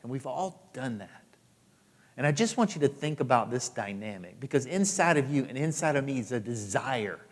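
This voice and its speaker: A man preaching a sermon as pastor, emphatic, repeating phrases and dropping into soft asides. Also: medium pitch, animated, moderate pace, big-room sound. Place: church auditorium.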